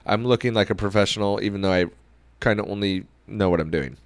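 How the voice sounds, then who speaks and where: A male podcast host telling a story in a casual, animated way, acting out the people in it. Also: lowish voice, fast, dry recording. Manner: animated storyteller who acts out quoted dialogue.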